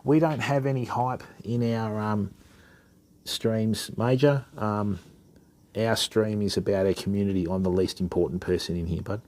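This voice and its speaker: On his fishing channel's live stream, a middle-aged man from Western Australia demonstrates reel maintenance, chatting casually and matily with an Australian accent. He has a lowish, darkish voice with a steady tone and moderate pace.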